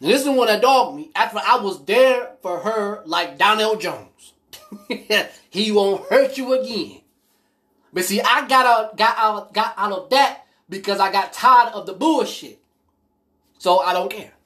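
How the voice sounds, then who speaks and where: A woman hosting a podcast, telling personal stories in a blunt, profane, animated way. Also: mid-range voice, measured pace. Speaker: podcast host. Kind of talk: casual monologue storytelling.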